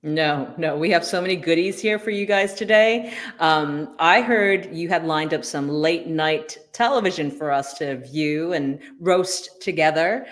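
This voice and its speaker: Animated sarcastic woman co-host. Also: sits low, unhurried, few pauses. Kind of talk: casual political chat.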